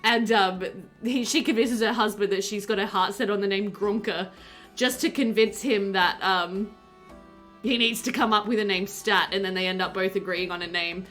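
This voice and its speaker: In a steady, medium-pitched voice at a moderate pace, a young woman chats with her live stream viewers, reading their messages out loud. Her tone is fairly bright, she laughs and giggles often, and faint music sits in the background.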